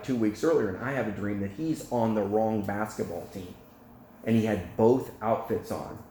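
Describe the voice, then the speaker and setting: A man giving a spoken testimony as a preacher, telling his story in a lively way and acting out the voices. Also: medium pitch. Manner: animated storyteller, acts out quotes, laughs. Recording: echoey room, faint ambience.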